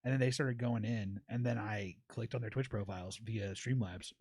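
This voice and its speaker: A man hosting a casual podcast, telling stories quickly and acting out the people he quotes, with plenty of swearing. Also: on the low side, husky, no echo. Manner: fast, animated storytelling with swearing and quoted voices. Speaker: podcast host and streamer. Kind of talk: casual chat.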